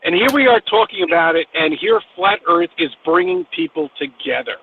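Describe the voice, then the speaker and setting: A man's voice: sits high, lively intonation, fairly quick. A man with a New York accent talking in a rambling, profane, emphatic way during a casual online conversation. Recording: tinny phone-like line with faint noise.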